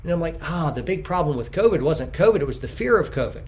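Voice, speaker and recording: A man in an interview who answers at length and acts out the quotes he tells, sometimes bursting out loudly. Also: on the high side, very animated, quick pace. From United States. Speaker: podcast guest.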